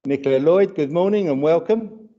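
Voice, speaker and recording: A man's voice: fairly high pitch, normal speed, mellow. Chatty British man leading a service. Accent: British English. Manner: chatty, greets viewers by name. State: hay fever, runny nose. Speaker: church service leader. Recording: dull lo-fi livestream audio.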